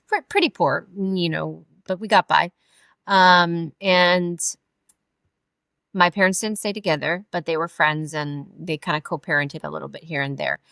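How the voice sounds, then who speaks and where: A woman in her forties from California, a podcast guest telling her life story in a halting way with many fillers and restarts. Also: sits low, a bit bright, no room sound. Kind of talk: personal storytelling in an interview.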